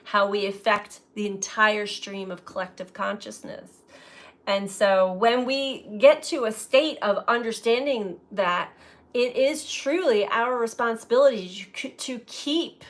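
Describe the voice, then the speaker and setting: Slow-spoken woman musing softly. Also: medium pitch. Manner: slow, musing, laughs often. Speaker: tarot reader. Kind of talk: spiritual reflection to camera.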